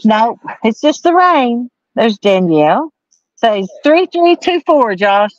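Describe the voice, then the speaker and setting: A woman's voice: a little high, very animated, slow pace, no echo. A woman hosting a fishing livestream from a pontoon boat at night, chatting and reading viewer comments in a drawling, playful way. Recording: slightly dull, lo-fi sound.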